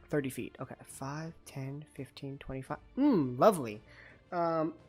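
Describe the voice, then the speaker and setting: A man's voice: a little high, animated, moderate pace, a little mellow, soft background music. Chatty man running a tabletop game. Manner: chatty, loose narration full of fillers and restarts. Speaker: dungeon master. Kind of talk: narrating a tabletop game over a call.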